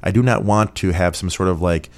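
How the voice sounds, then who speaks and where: This Rochester, New York podcast host has a deep voice and talks a little fast. He rambles through a casual listener Q&A in a chatty manner with lots of fillers.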